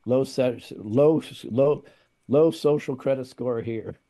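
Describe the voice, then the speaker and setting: Mellow-voiced male talk show host. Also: medium pitch, slow. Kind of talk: political talk show chat.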